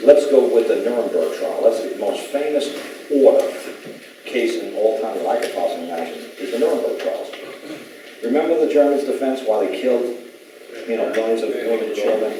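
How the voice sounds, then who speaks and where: Against a noisy background, a man's fairly low voice carries from far off through a large, echoey hall. He is a public speaker at a gathering, talking informally and rambling through stories while acting out quoted voices.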